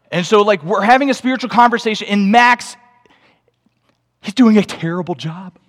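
A young man preaching a sermon, telling a story with animated energy that jumps into excited outbursts. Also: sits high, normal speed. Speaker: pastor. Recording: long reverb of a large hall.

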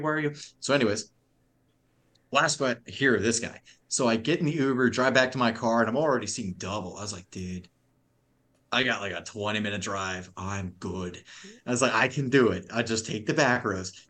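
A man's voice: medium pitch, a bit bright. A young adult man on a podcast, telling a long story in rambling, profane, laugh-filled casual chat.

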